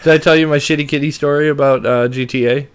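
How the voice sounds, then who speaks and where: A man co-hosting a gaming podcast, talking in a relaxed way and laughing often. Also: fairly high pitch, fast, smooth. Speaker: podcast co-host. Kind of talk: casual gaming chat.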